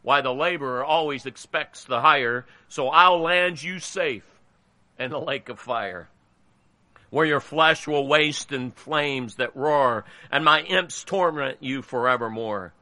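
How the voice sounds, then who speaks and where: A man's voice: mid-range voice, takes it slowly, pushed and bright, dry recording. A male preacher voicing a gloating male devil who mocks his doomed passengers. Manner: mocking, gloating.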